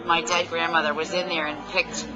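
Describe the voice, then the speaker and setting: A man's voice: on the high side, flat delivery, a little fast. A man chatting casually at a restaurant, sharing an anecdote of his own. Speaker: conversation partner. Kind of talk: casual chat. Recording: dull lo-fi audio with music behind.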